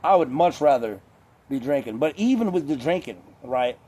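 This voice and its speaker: Rambling mellow-voiced man. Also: mid-range voice, lively intonation, normal speed. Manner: rambling, swears often, heavy on filler words. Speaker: vlogger. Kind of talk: casual monologue.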